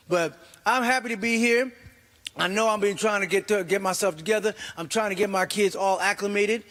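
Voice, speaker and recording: High-voiced New York comic, echoey hall. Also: male voice, brisk. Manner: animated, acts out voices of family. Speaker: stand-up comedian. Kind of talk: stand-up comedy set.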